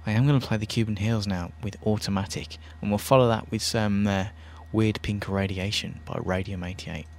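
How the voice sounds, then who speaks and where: A man's voice: on the low side, steady tone, moderate pace, gravelly, few pauses, darkish tone. A British man hosting an internet radio show, chatting casually in a rambling, self-deprecating way.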